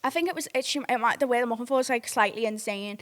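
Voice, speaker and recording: A young woman from near Liverpool hosts a podcast and talks in a chatty, candid storytime style. Her voice sits a little high, and she swears freely and keeps asking her listeners if they follow. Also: very fast. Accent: Northwest English. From near Liverpool, England. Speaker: podcast host. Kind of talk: casual storytime chat.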